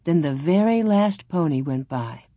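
A woman calmly reading a storybook aloud in a measured narrating voice. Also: sits low, breathy edge, no room sound. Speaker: audiobook narrator.

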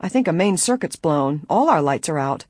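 A storybook reader voicing an elderly man who runs an inn, calm, polite and a little breathy. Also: mid-range voice, normal speed, no room sound.

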